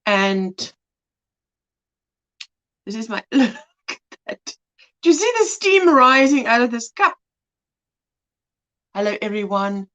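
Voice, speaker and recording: A woman hosts a casual home livestream in a higher voice with lots of swing in it. She takes her time, reads out names, calls people sweetie and laughs easily. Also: animated, slow, long pauses. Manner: greets viewers by name, warm pet names, laughs often. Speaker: livestream host. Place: indoors at home.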